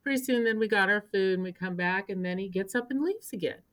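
A woman's voice: medium pitch, fast talker. A woman in her sixties who spent decades in local government, telling a story as a podcast guest, acting out quotes and growing emotional. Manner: animated storyteller, acts out quotes, turns emotional. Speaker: interview guest, longtime local government official. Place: indoor podcast recording.

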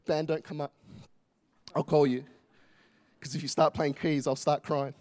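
A man's voice: a little high, flat delivery, measured pace, a little mellow. A male pastor, preaching a passionate, emphatic sermon full of repetition.

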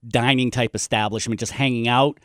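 A man's voice: medium pitch, steady tone, a little fast, dry recording, clean studio sound. A man co-hosting a casual chat, rambling with fillers and cracking jokes. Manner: rambling, filler-heavy, joking. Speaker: podcast co-host.

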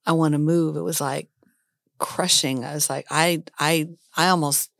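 A woman's voice: deep voice, steady tone, normal speed, gravelly, a bit bright, no room sound, clean studio sound. Middle-aged woman, earnest and reflective. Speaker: wife of the storyteller. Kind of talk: casual conversation.

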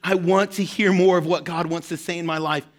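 A man's voice: high voice, steady tone, fairly quick. A man preaching a sermon as pastor, impassioned, his voice rising when he speaks the quoted words. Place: church hall.

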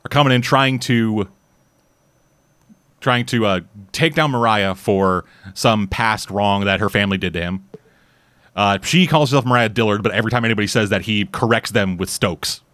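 A man's voice: mid-range voice, fairly bright tone, no echo. A Canadian man casually reviewing a series in rambling, profane chat full of restarts. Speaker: podcast host reviewing a series.

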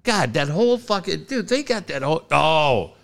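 A man from Cardiff spins a story in casual chat. His voice sits high and jumps all over the place, and he swears freely, laughs, and acts out the voices in the story. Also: very animated, normal speed, creaky.

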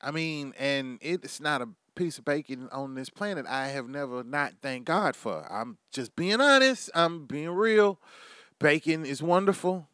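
A man's voice: on the high side, lively intonation, a little slow, sharp tone, smooth, no room sound, studio quality. A man hosting a comedy monologue, brash and crude, riffing with mock asides to an imagined crowd. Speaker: comedy podcast host.

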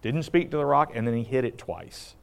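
Man teaching scripture, lively and questioning. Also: medium pitch, a little fast, gravelly. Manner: animated, asks the audience questions, acts out quotes. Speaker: preacher. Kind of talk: conversational Bible teaching.

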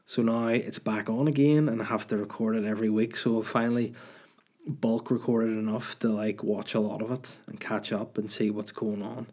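A man's voice: on the low side, steady tone, moderate pace, darkish tone. A young man with a Northern Irish accent, hosting a podcast in rambling, sweary, joking storytelling. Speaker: podcast host. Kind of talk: casual solo chat.

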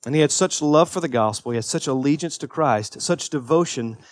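A man in his thirties preaching a sermon as a pastor. He is earnest, swings from emphatic peaks to quiet confession, and often restarts and repeats his words. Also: on the high side, brisk, no room sound.

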